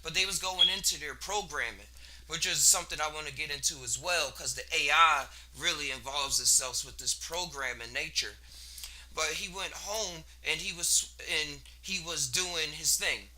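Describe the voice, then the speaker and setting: High, bright-voiced man musing casually. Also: moderate pace, slight background noise. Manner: rambling, laid-back, slangy, laughs between thoughts. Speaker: podcast host. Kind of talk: casual solo monologue.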